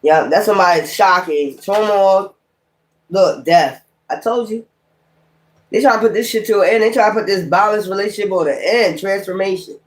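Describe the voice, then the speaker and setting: A woman's voice: medium pitch, moderate pace. A woman giving a casual tarot card reading in a blunt, exasperated, profane manner, with slangy, rambling street talk. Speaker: tarot reader.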